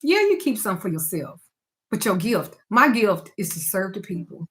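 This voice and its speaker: A woman's voice: medium pitch, very animated, moderate pace, fairly bright tone. A woman speaking to her audience as a spiritual advisor and tarot reader, frank and emphatic, with blunt swearing. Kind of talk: candid talk to camera.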